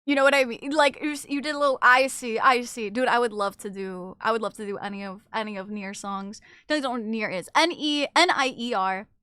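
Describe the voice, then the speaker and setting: A woman streamer chatting casually with her live chat while eating, animated, switching between loud exclamations and low asides, swearing freely. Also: brisk, hardly any pauses, smooth, no room sound, studio quality.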